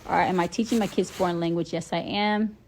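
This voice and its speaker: A woman's voice: on the low side, fairly even intonation, fast, a little mellow, slight background noise. A woman from Atlanta, Georgia, chatting casually and playfully on a live stream from her phone, with lots of filler ums.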